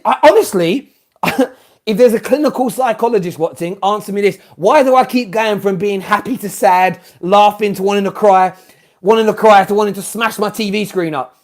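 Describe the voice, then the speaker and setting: A man with a British accent hosting a football fan channel, ranting live after a match, swinging from shouting to muttering and repeating himself in exasperation. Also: high voice, lively intonation, normal speed. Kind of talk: live-stream post-match rant.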